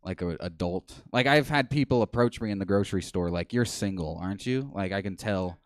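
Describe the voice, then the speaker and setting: A man in his twenties doing a deadpan, self-mocking stand-up set on a small comedy stage. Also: low-pitched, brisk, no room sound, clean studio sound. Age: 20s.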